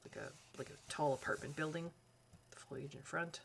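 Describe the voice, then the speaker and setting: A woman's voice: sits low, fairly even intonation, brisk, creaky, slight background noise. A woman hosting a colouring channel, chatting as she flips through a book, rambling and correcting herself with lots of fillers. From Canada.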